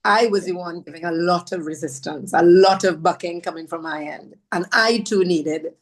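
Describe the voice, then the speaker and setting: A woman with a fairly low voice recounts her experiences as a podcast guest. She is animated and self-mocking, and her pace shifts as she tells the story. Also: moderate pace. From Trinidad. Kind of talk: storytelling conversation.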